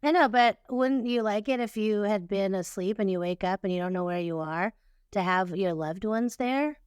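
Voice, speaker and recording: A woman's voice: mid-range voice, normal speed, clear, resonant tone, no room sound, clean studio sound. A woman from the United States co-hosting a casual podcast, reacting to her partner and pushing back with questions. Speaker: podcast co-host.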